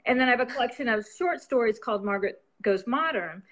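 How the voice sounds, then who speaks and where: Woman, novelist guest, slightly high-pitched, casual chat, rambling, laughs a lot. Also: expressive, fast, fairly bright tone. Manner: chatty, rambling, laughs often.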